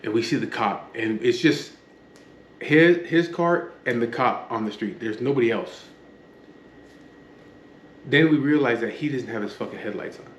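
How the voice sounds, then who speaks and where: A man tells a story from his own past in a blunt, foul-mouthed way, with a voice that sits at an ordinary middle pitch. The room sounds roomy and echoey, with a faint hum of ambience behind him. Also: moderate pace, long pauses. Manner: blunt and profane, acts out the dialogue. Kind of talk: casual spoken storytelling.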